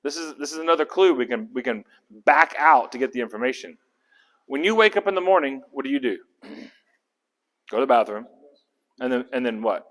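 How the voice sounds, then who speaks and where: A man's voice: medium pitch, moderate pace, pauses often. A man leading a casual Bible study, talking through the passage and asking his group questions. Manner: animated, acts out characters' lines; conversational, asks the group questions.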